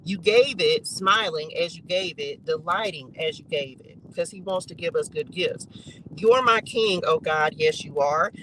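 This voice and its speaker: A man's voice: a little high, unhurried, pushed and bright, a little hiss or hum, poor audio. A man reading psalms aloud with emphatic repetition and casual asides to a live chat. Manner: emphatic, repeats phrases, colloquial asides. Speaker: online faith reader and streamer.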